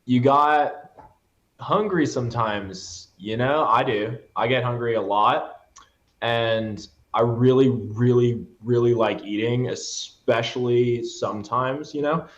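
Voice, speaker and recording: A man playing a spaced-out auditioner who drawls with halting fillers, over a video call. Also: medium pitch, highs cut off, natural voice. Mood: mellow. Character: slow, spaced-out male auditioner.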